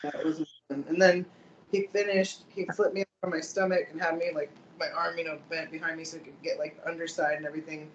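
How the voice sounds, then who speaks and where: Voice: medium pitch, steady tone, a little fast, highs cut off. Co-host, rambling and profane; roomy sound with faint hiss. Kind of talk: casual chat.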